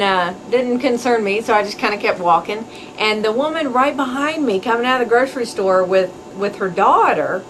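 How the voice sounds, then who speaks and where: A woman hosting a podcast, telling a story in a chatty, animated way with asides. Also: on the high side, slight background noise, rough recording. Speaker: podcast host. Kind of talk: casual storytelling monologue.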